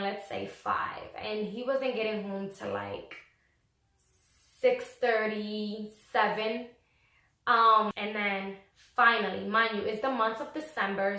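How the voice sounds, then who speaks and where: A young woman vlogging casually, telling a personal story in a chatty, animated way and acting out what people said. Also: a little high. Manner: chatty, animated, acts out quoted voices. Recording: echoey room.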